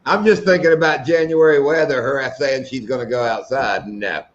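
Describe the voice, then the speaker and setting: A man co-hosting a joking live stream, delivering wisecracks with drawn-out punchlines. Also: medium pitch. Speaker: co-host. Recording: dull lo-fi audio.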